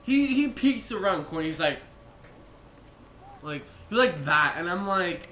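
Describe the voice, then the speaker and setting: A young vlogger with a high, bright voice rambles through a long story, circling back and restarting sentences. His delivery is sing-song and a little slow, echoing around a room over a faint hiss.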